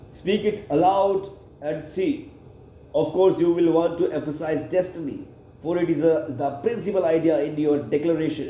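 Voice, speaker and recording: Man reading aloud with a deep, mellow voice. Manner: deliberate, repeats and corrects words while reading. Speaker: reader practicing public speaking. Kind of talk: reading a speaking manual aloud with own comments. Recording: roomy echo with faint background hum.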